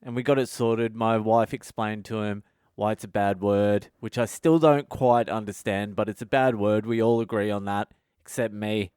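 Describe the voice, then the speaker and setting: A male comedian hosting his podcast, telling a funny story in a casual, animated way and swearing constantly. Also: lowish voice, normal speed, clear, resonant tone, no room sound, clean studio sound. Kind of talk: casual comic storytelling monologue.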